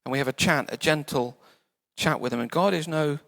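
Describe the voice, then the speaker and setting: A man preaching a sermon in a church, conversational and playful, sometimes dropping to soft quiet tones. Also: a little high, brisk. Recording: church hall reverb.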